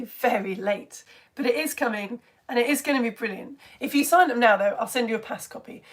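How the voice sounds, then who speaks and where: A British woman, a physics teacher, chatting brightly on a live-stream lesson and hopping between asides. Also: on the high side. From United Kingdom. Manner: bubbly, chatty, jumps between topics, quick asides. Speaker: physics teacher and livestream host.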